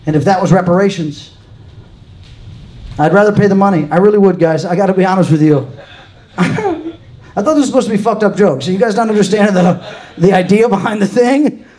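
A man's voice: high-pitched, fairly quick, pauses often, darkish tone, poor audio. A man from Louisiana doing a live stand-up set in a comedy club, dry and self-deprecating, chatting with the crowd. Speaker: stand-up comic.

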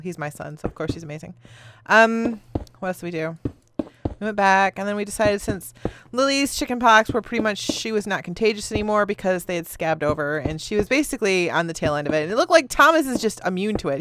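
A woman in her thirties chats casually while playing a game, rambling from one story to the next and laughing often. Her pitch climbs and dips freely as she talks. A faint hiss sits under her voice. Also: animated, quick pace, fairly bright tone. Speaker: gaming video host.

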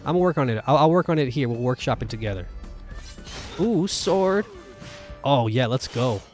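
Excitable man commentating a gameplay stream. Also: mid-range voice, fast talker, soft background music. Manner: excitable and rambling, with lots of exclamations. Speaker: gaming video host.

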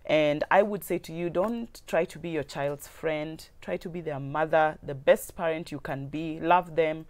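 A woman's voice: deep voice, fairly even intonation, measured pace, hardly any pauses. Earnest woman giving parenting advice. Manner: earnest, emphatic, repeats phrases for stress. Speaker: parenting coach guest. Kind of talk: giving advice on a talk show. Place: TV studio.

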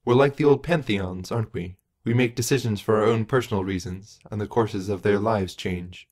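A man voicing a weary, distracted male character who speaks in a quiet murmur, in an audiobook. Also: moderate pace. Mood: subdued. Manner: low, murmured, subdued.

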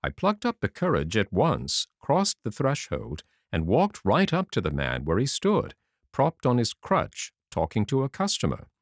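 A man narrating a classic adventure novel aloud in an expressive, lively storytelling manner. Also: medium pitch, unhurried, no room sound, clean studio sound. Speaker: audiobook narrator. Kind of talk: storybook reading.

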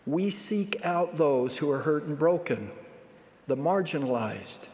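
A man delivers a sermon at a large conference, his voice sitting a little high for a man. He speaks in a measured, earnest way. The sound rings with the long reverb of a big hall. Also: expressive, a little mellow. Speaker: church leader giving a conference address.

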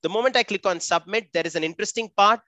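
A man's voice: high-pitched, quick pace, sharp tone, no echo. A man with an Indian English accent teaching a live online coding class for children, upbeat and chatty, calling on students by name.

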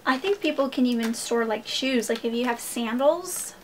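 A woman's voice: a little high, moderate pace, a little hiss or hum, poor audio. A young woman chatting casually in a haul vlog, gushing and enthusiastic as she talks to her viewers. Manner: gushing, enthusiastic, addresses viewers as "you guys". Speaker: haul vlogger.

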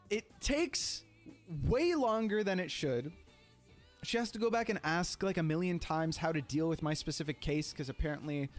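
A young male streamer with a high voice tells a story casually, rambling and animated, dropping plenty of "like" fillers and the occasional swear.

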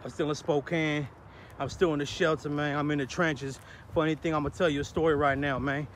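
A high-pitched man rants in a casual street vlog, full of streetwise slang and profanity. He is recorded outdoors on a city street, with loud traffic noise around him. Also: fairly even intonation, a little fast. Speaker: vlogger.

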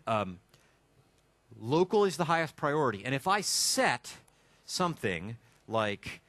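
A man teaching a live software workshop, joking and chatting as he thinks aloud and types. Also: medium pitch, big pitch swings, unhurried, no room sound. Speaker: instructor. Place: classroom with a live audience.

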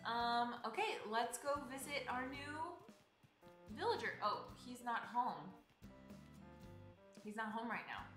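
A woman's voice: a little high, expressive, slow, pauses often, fairly bright tone, echoey room. A young woman live-streaming a game, chatting casually and greeting viewers by name in a bubbly way. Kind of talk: casual live-stream chat while playing. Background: game music.

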